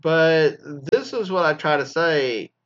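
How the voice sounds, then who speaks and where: A podcast host gives casual, rambling commentary, animated and drifting off on tangents. His voice is fairly high and slow, and the audio has its highs cut off.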